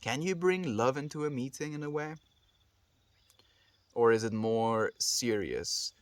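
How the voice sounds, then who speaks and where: A South African man chatting casually on a live stream, gently thanking viewers and answering their messages. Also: medium pitch, lively intonation, a little slow, no echo. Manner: gentle, affectionate, reads out and answers chat messages. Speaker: livestreamer.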